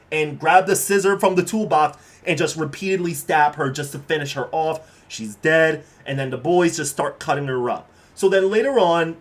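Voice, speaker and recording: A man casually recapping a horror manga in laid-back, slangy speech that is full of fillers and the odd swear word. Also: a little high.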